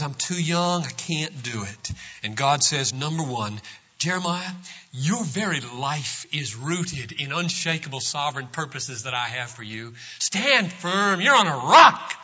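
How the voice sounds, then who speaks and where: A male pastor giving a sermon, swinging from quiet, low passages to loud, emphatic preaching. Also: muffled recording.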